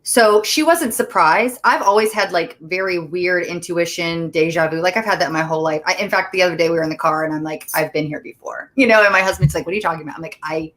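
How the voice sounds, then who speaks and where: A woman's voice: fairly low pitch, quick pace, few pauses, a bit bright. A woman co-hosting a podcast, chatting casually and quoting people as she goes. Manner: chatty, many fillers and quoted asides. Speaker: podcast co-host. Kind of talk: casual chat.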